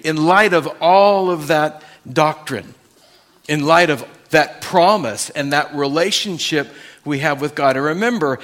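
A man pastor giving a sermon and telling a story in a warm, conversational way to his congregation. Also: on the high side.

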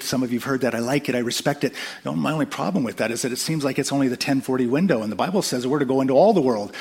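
Middle-aged guy preaching a sermon, earnest and chatty, gets fired up, average pitch. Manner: earnest, conversational preaching with rising excitement. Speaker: guest preacher.

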